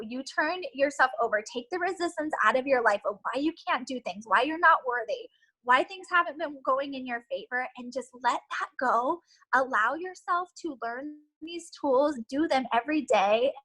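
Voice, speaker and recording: High, bright earnest woman cheering on. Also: animated, normal speed, poor audio. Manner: earnest and emotional, many ums. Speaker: team leader giving a training. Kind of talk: motivational pep talk.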